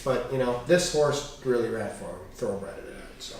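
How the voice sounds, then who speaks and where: Man, podcast guest, candid storytelling, animated, echoey room, distant mic. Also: medium pitch, normal speed. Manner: animated, swearing, acts out quoted dialogue.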